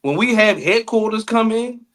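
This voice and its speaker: High-voiced animated man, casual podcast. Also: moderate pace. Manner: animated storyteller, acts out quotes, swears freely. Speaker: podcast co-host. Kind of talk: casual comedic chat.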